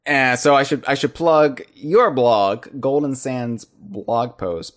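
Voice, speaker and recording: A man hosting a podcast, chatting casually and joking in quick, animated bursts. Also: mid-range voice. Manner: jokey, animated, fast bursts. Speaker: podcast host.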